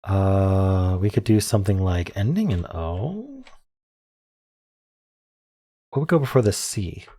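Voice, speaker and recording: Low-voiced man muttering through puzzles. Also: very animated, slow, long pauses, dark tone. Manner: muttering, hesitant, many ums, self-amused. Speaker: word game streamer. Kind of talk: thinking aloud while solving puzzles.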